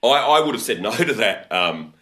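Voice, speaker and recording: Male podcast host, very low voice, chatty and loose, lots of restarts. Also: very animated, normal speed, fairly bright tone. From Australia. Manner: chatty, thinking aloud with frequent restarts. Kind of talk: casual conversational interview.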